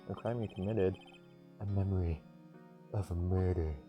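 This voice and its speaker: A man's voice: low voice, fairly even intonation, normal speed, long pauses, dull audio, over music. A young man casually reading game dialogue aloud with offhand asides, recorded on an earbud mic.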